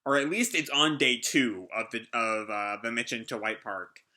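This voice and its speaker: A man's voice: medium pitch, normal speed, pushed and bright. A man reading a comic live and commenting on it, rambling with many fillers. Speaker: comic reaction host.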